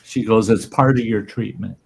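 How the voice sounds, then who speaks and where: A man casually telling a salty, folksy story, voicing the people in it with lively shifts. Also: fairly low pitch, moderate pace, vocal fry, husky. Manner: folksy, salty, animated when quoting others. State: undergoing cancer treatment. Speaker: channel host telling stories.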